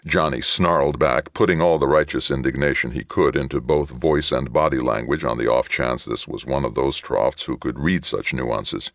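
Very deep-voiced male audiobook narrator. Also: normal speed, no echo, studio quality. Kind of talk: scripted narration of a science fiction novel.

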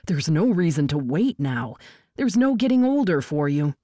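A woman reading an audiobook voices a large, forceful young man who is insistent and possessive. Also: sits low, sing-song, normal speed, no echo, clean studio sound. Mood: pressing.

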